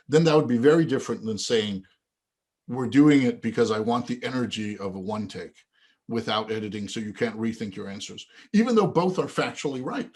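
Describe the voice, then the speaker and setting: A man being interviewed on a podcast, his voice sitting at an ordinary middle pitch. He tells a long anecdote with animation, slipping into the voices of the people in it. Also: fairly quick. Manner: animated storyteller who acts out quoted dialogue. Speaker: guest, event organizer.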